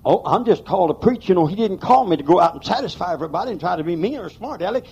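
A man's voice: sits high, animated, very fast, darkish tone, husky, lo-fi sound. A man preaching a sermon in a church, emphatic and folksy, with plain rural grammar. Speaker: pastor.

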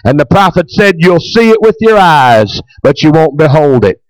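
Folksy preacher, dry sound. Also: male voice, fairly high pitch, big pitch swings, moderate pace, no room sound, low-quality recording. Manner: folksy, retells scripture in plain speech. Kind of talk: sermon.

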